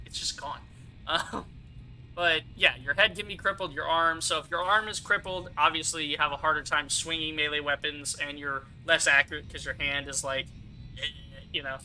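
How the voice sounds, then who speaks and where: Bright-voiced young man commentating a game. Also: on the high side, brisk, slight background noise, rough recording. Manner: chatty, explains game mechanics with fillers and asides. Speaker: gaming streamer. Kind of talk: casual let's-play commentary.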